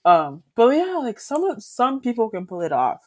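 A woman's voice: fairly high pitch, huge pitch swings, normal speed, darkish tone. Giggly, chatty female co-host. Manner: giggly and chatty, laughs often. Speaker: podcast co-host. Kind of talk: casual chat.

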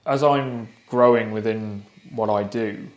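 A man's voice: fairly low pitch, steady tone, a little slow, a little mellow. A man hosting a podcast, chatting in an office and dropping in short, friendly replies. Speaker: podcast host. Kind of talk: casual chat. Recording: echoey room.

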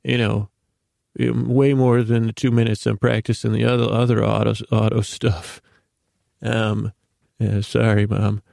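A man hosting a bedtime podcast, rambling in a meandering, self-deprecating way with a creaky voice, often stumbling and repeating words. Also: lowish voice, level tone, measured pace, a little mellow, no echo, studio quality. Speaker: podcast host.

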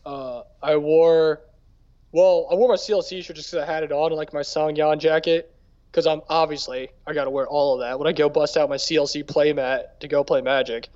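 A man's voice: fairly high pitch, fairly even intonation, darkish tone. A man co-hosting a podcast, telling stories in casual chat and saying "like" constantly. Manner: rapid storytelling full of "like". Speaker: podcast co-host. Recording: dull lo-fi mic.

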